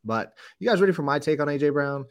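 A man's voice: a little high, lively intonation, fast. A middle-aged man co-hosting a casual sports podcast, ranting in a fired-up way. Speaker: podcast co-host.

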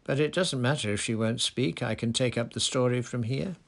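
A man's voice: mid-range voice, fairly quick, creaky, voice pushed up, close to an everyday voice. A man reading aloud, voicing a cruel middle-aged woman official who talks in a prim, sugary, simpering way.

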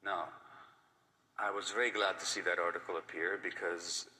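An older man lectures in a very low voice with a bright, forceful edge. He sounds earnest and emphatic and often repeats his main points. He is picked up from a little way off the mic, with faint noise behind him. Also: flat delivery, normal speed, far from the mic, poor audio. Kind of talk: conference talk.

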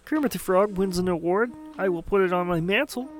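A man's voice: high-pitched, brisk, faint music behind, pitched above the performer's own voice, lightly acted. A man voicing a proud, stiff frog puppet accepting an award. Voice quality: stiff, formal put-on accent.

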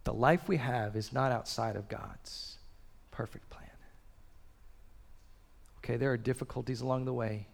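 A pastor preaching a sermon, swinging from loud urgent bursts to quiet, slow drops. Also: male voice, medium pitch, creaky. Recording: long reverb of a large hall.

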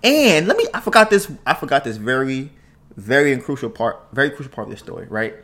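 Animated man telling a story. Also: mid-range voice, a little fast. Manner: animated storytelling, ends phrases with "right?". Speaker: podcast host. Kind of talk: casual podcast monologue.

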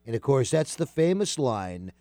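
A man's voice: mid-range voice, normal speed, no echo. A man hosting a radio talk show, chatting casually and often filling gaps with "uh" and "you know". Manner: relaxed, with many fillers.

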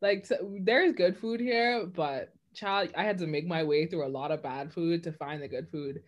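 A young woman with a Bahamian accent talks in a relaxed, slangy way, full of playful asides. Her voice sits a little low. She sounds at ease in a loose group chat. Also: moderate pace, dull audio. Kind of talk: casual chat.

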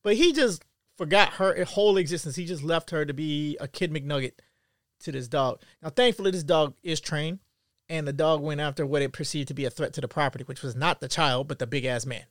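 A young man delivering a casual, profane commentary monologue. He swings from loud, high outbursts to low mutters. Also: brisk, dry recording, clean studio sound.

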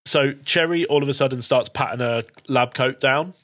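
A man narrating a tabletop game as game master, in a relaxed, jokey way. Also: mid-range voice, normal speed.

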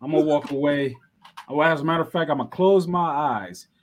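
A man's voice: a little high, fast talker. A man co-hosting a casual wrestling podcast, playful and joking, laughing often. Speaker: podcast co-host.

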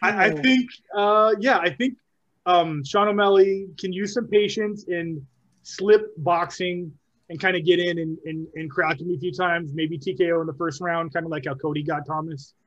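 A man's voice: on the high side, steady tone, moderate pace, fairly bright tone, lo-fi sound. A man talking casually about fight picks, rambling with many ums, restarts and laughs. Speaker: podcast co-host, called Director. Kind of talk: casual MMA picks chat.

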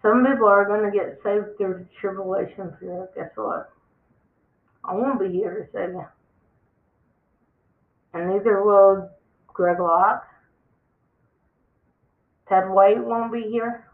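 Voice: medium pitch, fairly even intonation, slow, pauses often. A speaker giving an impassioned end-times warning monologue, emphatic and preachy, repeating words for stress. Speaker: religious vlogger. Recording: tinny phone-like sound in an echoey room.

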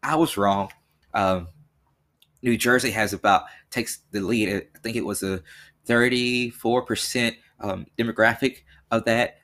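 A young man from Tennessee talks through his solo podcast with a fairly low voice. He rambles earnestly, circling back with ums and restarts as he explains things. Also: a little slow, fairly bright tone. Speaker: podcast host.

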